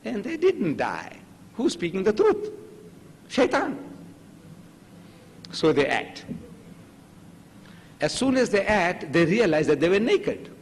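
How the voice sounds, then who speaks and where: Lively older man lecturing in a hall. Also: high-pitched, slow, long pauses, a little hiss or hum. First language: Gujarati. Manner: animated storytelling, acting out dialogue. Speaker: religious lecturer. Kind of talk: public religious lecture.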